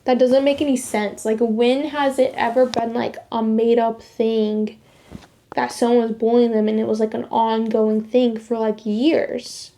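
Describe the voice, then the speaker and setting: Young woman with a gravelly, mellow voice. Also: a little high, little pitch movement, measured pace. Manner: rambling, heavy use of "like" fillers and restarts. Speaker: vlogger sharing her faith testimony. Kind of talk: casual personal storytelling.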